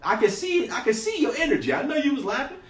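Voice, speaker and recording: A man's voice: extremely high pitch, huge pitch swings, fast talker, distant mic, pitched above the performer's own voice, heavily acted. A man voicing God as a knowing male figure who teasingly calls someone out in casual slang, in a roomy room away from the mic. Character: God, male, amused all-knowing scolder.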